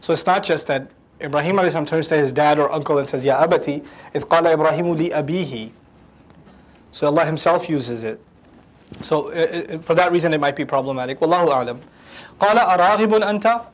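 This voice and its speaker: A man teaching a lecture on the language of the Quran, animated and humorous, acting out quotes. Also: on the high side, quick pace, rough recording.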